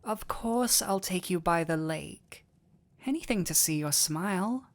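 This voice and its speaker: A woman's voice: on the low side, expressive, a little slow. A woman voicing a sweet, clumsy male dullahan boyfriend in an audio role-play, tender and giddy with affection. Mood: affectionate. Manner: tender, giddy and affectionate, playful self-teasing. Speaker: voice actor.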